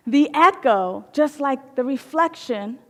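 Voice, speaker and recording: A woman's voice: high voice, expressive, slow pace. A woman minister giving a playful, storytelling sermon in a spiritual center. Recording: long hall reverb.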